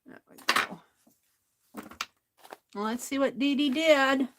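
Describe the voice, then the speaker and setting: A middle-aged woman hosting a craft livestream opens mail on camera, chatting casually to herself and her viewers and laughing often. Her voice sits high and she speaks slowly, with a noisy background.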